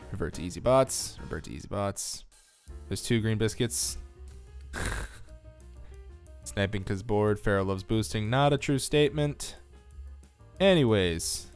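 A tired man from the United States giving casual, joking live-stream commentary on a strategy game and reading chat aloud. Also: medium pitch. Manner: chatty, reads chat aloud, joking asides.

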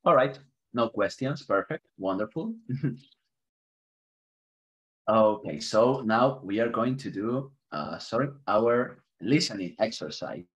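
A man's voice: lowish voice, animated, takes it slowly, pauses often, a bit bright, husky, poor audio. A man from Spain, a native Spanish speaker with a Spanish accent, teaching an online English class, mixing both languages and chuckling now and then. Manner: switches between English and Spanish, chuckles often, light humor.

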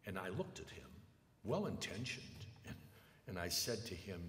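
An older man, a lecturer and attorney, gives a public lecture in a large hall, telling stories emphatically and acting out quotes. His low voice is very animated and fairly bright at a normal speed, with a little hiss or hum and long reverb from the echoey hall.

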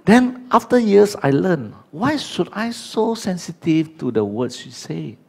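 Pastor pria usia 50-an, bahasa ibu Mandarin; khotbah ekspresif, nada naik-turun lebar. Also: male voice, fairly high pitch, very animated, a little slow, creaky, darkish tone, slightly rough. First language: Chinese. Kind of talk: sermon.

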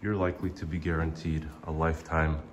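A man's voice: extremely low pitch, little pitch movement, brisk, noisy background. A man vlogging about his morning chores in a wry, joking way, whispering early on. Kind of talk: casual home vlog.

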